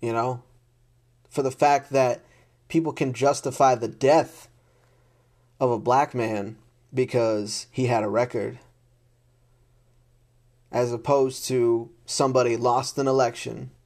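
A man's voice: medium pitch, fairly even intonation, a little slow, pauses often, a little mellow. A man in an unscripted rant to camera, blunt and exasperated, swearing often and repeating himself. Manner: blunt, heavy swearing, repetitive; frustrated and exasperated.

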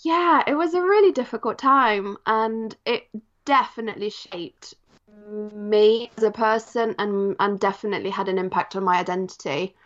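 A woman's voice: medium pitch, moderate pace, fairly bright tone, highs cut off, faint music behind. A Polish-born woman who speaks with an English accent, a guest on a podcast interview, talking reflectively with many small fillers. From Poland. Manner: reflective, with frequent "kind of" and "um".

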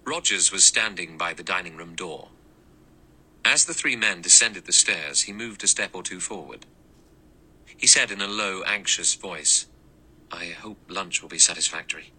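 Deep-voiced man narrating an audiobook. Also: animated, unhurried, sharp tone, rough recording. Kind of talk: scripted narration.

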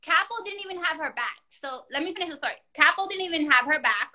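Woman guest, high bright voice, tells a rowdy story in casual chat and acts out every quote. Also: fast talker. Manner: animated, profane storytelling with acted-out quotes.

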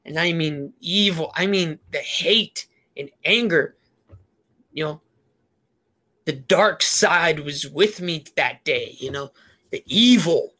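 A man's voice: a little high, slow, sharp tone. A man telling a rambling story in a casual chat, heavy on fillers.

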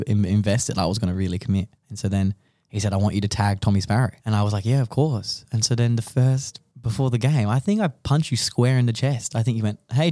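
A man's voice: lowish voice, darkish tone, no room sound, studio quality. A young man with an Australian accent, co-hosting a casual podcast and telling an emotional story in a rambling way with many restarts. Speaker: podcast co-host.

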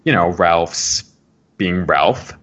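A man with a very low voice co-hosts a casual podcast, giving measured, opinionated takes. He laughs easily between points. The audio is muffled and lo-fi. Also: lively intonation, fairly bright tone. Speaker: podcast co-host.

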